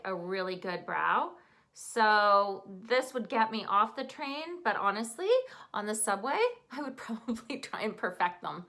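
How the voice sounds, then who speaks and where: A woman's voice: mid-range voice, bright, forceful tone. A woman with a Canadian accent, chatting casually through a makeup tutorial in an upbeat way. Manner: chatty, upbeat, talks while applying makeup. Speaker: makeup artist.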